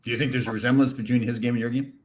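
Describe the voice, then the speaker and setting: A man hosting a casual podcast. His voice sits at an ordinary pitch. He teases his guests and laughs easily. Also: steady tone, very fast. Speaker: podcast host. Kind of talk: casual chat.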